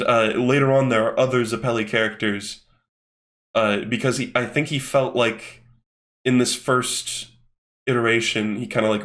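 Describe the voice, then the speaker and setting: A man's voice: on the low side, fairly bright tone. Profane, rambling young man. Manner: profane, rambling, with many fillers. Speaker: host. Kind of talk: casual commentary while skimming a manga.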